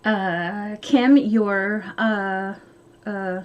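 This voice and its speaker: A woman talks to her camera at home, rambling and chatty, stopping often on fillers. Her pitch sits in a middle range. A faint noise runs under the recording. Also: steady tone, very slow, highs cut off. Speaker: vlogger. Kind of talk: casual chat to camera.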